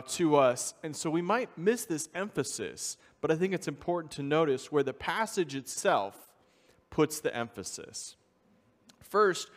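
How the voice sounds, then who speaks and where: A man delivers a sermon as a visiting missionary, his fairly high voice carrying through a church sanctuary. He speaks earnestly and reads scripture in old-fashioned wording. A long reverb trails after his words. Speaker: missionary preacher.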